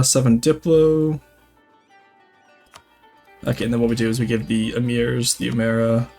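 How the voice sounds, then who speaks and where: A man streaming a strategy game, thinking aloud with halting fillers as he plays. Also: mid-range voice. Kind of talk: casual gameplay commentary.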